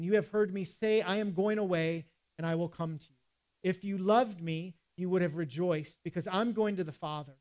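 A man preaching a sermon in a conversational way, with casual asides and quoted scripture. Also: sits high. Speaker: pastor.

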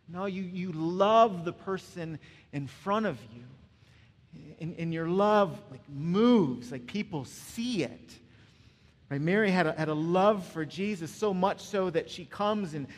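A male pastor giving a conversational sermon, often checking in with the listeners with a quick "right?". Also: high voice, big-room sound. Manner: conversational, frequent "right?" asides.

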